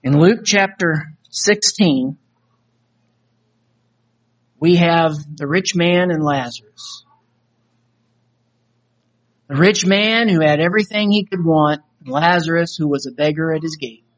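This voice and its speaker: A man's voice: on the high side, a little slow. A man preaching a sermon, reciting a dramatic poem and scripture in an earnest, solemn way.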